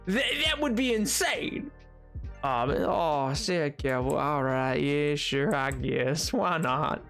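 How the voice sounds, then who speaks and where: A man's voice: a little high, fairly bright tone. Rambling, joking man streaming. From United States. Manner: rambling, playful, self-mocking jokes. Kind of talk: casual livestream chat while gaming.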